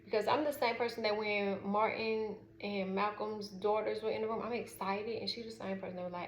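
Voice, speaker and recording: A middle-aged woman with a Southern US drawl speaks frankly and loosely, stopping often on fillers as she tells her story. Her voice sits at an ordinary middle pitch. The room is echoey, with a faint hiss of background noise. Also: steady tone, brisk, few pauses. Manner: frank, rambling, with lots of fillers. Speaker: mother. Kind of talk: casual storytelling vlog.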